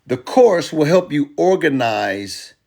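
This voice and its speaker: A man with a fairly high, creaky, mellow voice speaks slowly with big pitch swings, teaching crypto trading. His speech is casual, emphatic and repetitive, full of slang, as he pitches his course in a relaxed teaching demo with music.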